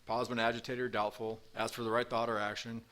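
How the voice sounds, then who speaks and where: A man's voice: mid-range voice, level tone, quick pace, pushed and bright. A man telling his recovery story at a meeting, rambling with lots of fillers and restarts. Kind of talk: personal recovery talk. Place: meeting room with audience.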